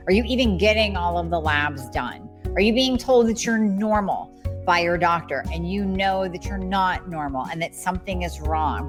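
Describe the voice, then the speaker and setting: Energetic middle-aged woman podcast host. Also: on the low side. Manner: energetic, enthusiastic, addresses listeners directly. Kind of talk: upbeat podcast talk.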